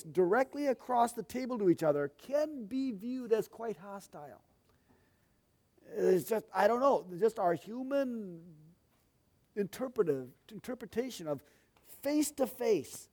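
A man's voice: high-pitched, a little mellow. A man preaching a teaching sermon, folksy and chatty, with asides to the congregation. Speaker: pastor.

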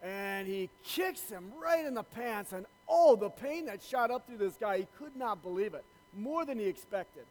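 A man's voice: high voice, lively intonation, moderate pace, hardly any pauses, a little mellow, in a large hall, rough recording. A man preaching a sermon to his church, telling a joke in a loose, conversational way with many fillers. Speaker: pastor.

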